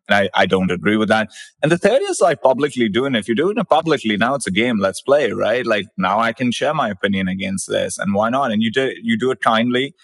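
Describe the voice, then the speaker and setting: A man's voice: on the low side, a bit bright, no echo. A man co-hosting a podcast who gives blunt, opinionated views in casual conversation. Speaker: podcast co-host.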